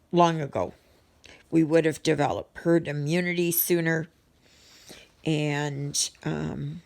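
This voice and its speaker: Low, slow, gravelly-voiced chatty woman. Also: darkish tone. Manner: rambling, chatty, with many ums and restarts. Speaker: vlogger. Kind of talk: casual chat to viewers while stitching.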